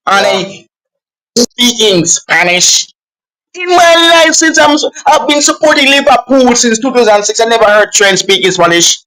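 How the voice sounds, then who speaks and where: A man in a casual football chat, ranting in an animated, exasperated way with non-native grammar. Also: very high voice, low-quality recording.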